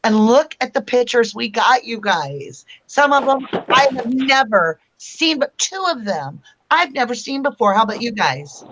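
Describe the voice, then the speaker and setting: A woman's voice: a little high, very animated, normal speed, hardly any pauses, a bit bright, slight background noise. A woman hosting a casual live-stream chat from home, chatting loosely and greeting viewers by name as she reads their comments aloud. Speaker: host of a live chat show.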